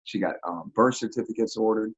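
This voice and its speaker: A man telling a story in an interview, in a casual, animated, slangy way with frequent laughs. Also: lowish voice, brisk, slightly rough, muffled recording. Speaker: interview guest.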